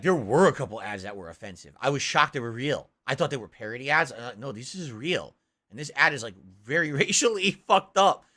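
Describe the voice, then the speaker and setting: A man's voice: medium pitch, bright, forceful tone. A man hosting a stream, ranting in casual chat with an incredulous tone. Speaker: streamer host.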